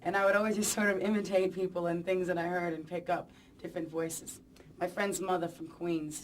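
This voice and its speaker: A woman's voice: lowish voice, flat delivery, fairly quick, few pauses, recorded from a distance, slight background noise. A woman singer giving a casual press interview, chatty and playful, rambling with plenty of fillers. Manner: chatty, playful and rambling, many "you know"s. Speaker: pop singer being interviewed. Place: press event.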